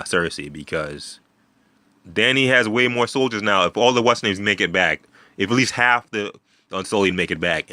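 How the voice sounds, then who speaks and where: A man's voice: low voice, sharp tone, dry recording. A man casually recapping a TV episode in a rambling way, with many fillers, restarts and swearing. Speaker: video host.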